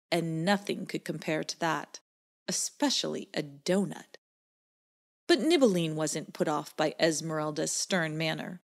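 Lowish-voiced woman reading a children's story. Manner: gentle, expressive storytelling. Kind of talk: scripted children's story narration.

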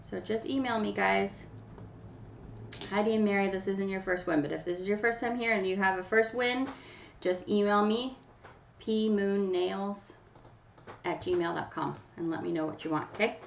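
A chatty woman from Canada hosts a live stream, talking straight to viewers by name. Her voice has a gravelly edge and sits back from the mic, in a roomy space. The sound is dull and lo-fi. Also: medium pitch, normal speed, recorded from a distance, a little hiss or hum. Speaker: livestream host running a nail polish giveaway. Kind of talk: casual live chat to viewers.

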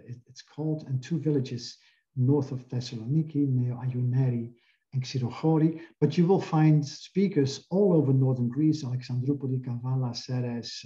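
In this clip a linguistics professor explains his lecture slides step by step with a mellow, medium-pitched voice, captured on a muffled recording.

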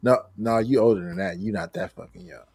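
A man in his fifties on a livestream panel, teasing with deadpan provocations over a video call. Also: lowish voice, a little fast, creaky, breathy edge, dry recording, clean studio sound. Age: 50s. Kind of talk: teasing casual banter.

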